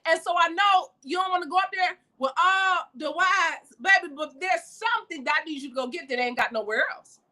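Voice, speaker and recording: A woman giving a preacherly motivational talk, calling listeners baby and swinging from shouts to hushed lines. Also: very high-pitched, a little fast, hardly any pauses. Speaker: motivational speaker.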